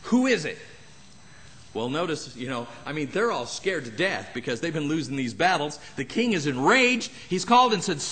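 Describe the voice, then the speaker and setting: Pastor guy preaching in church, high voice that jumps all over, playful asides. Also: normal speed. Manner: animated, acts out Bible characters with jumps in pitch; humorous asides, chuckles. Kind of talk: sermon. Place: church sanctuary.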